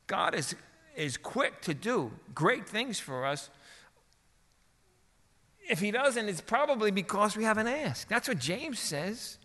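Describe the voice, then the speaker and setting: A man preaches with colloquial, animated energy, moving between hushed asides and excited shouts. His voice sits a bit high and sounds bright and forceful. A long hall reverb hangs after his words. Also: takes it slowly, pauses often. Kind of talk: sermon.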